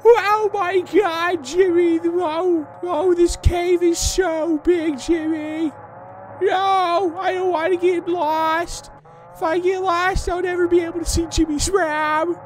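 A man voicing a whiny, nerdy cartoon boy with a high, nasal whine, fretting and calling out frantically. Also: little pitch movement, slow, a little hiss or hum. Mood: whiny, panicked. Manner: frantic and fretful, cries out names.

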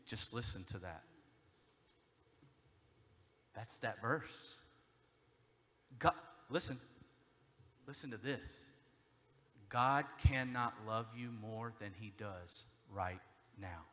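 A man preaching a sermon as a pastor, moving between hushed, intimate passages and loud, driving emphasis, speaking from a church stage. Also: lowish voice, slow, long pauses, long reverb tail. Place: church sanctuary.

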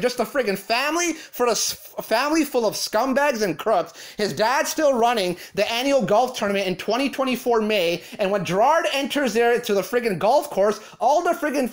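A man delivering an angry, profane rant full of mocking insults. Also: extremely high pitch. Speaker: commentary ranter.

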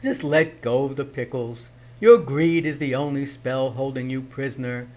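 A man voicing a clever, bold young hero who speaks in a lively, teasing way. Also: medium pitch, moderate pace, lightly acted.

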